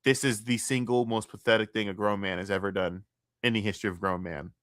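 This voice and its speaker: A man on a live stream ranting about online drama in a crude, mocking, heated way, jumping between loud outbursts and low mutters. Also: fairly even intonation, quick pace, no echo, clean studio sound. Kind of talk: profane live-stream rant.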